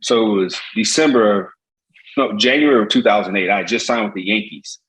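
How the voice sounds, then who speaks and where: A man from Indiana, a former pitcher, animatedly telling stories as a podcast guest. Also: brisk, rough recording. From Gary, Indiana. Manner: animated, acts out voices, laughs easily. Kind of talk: casual storytelling.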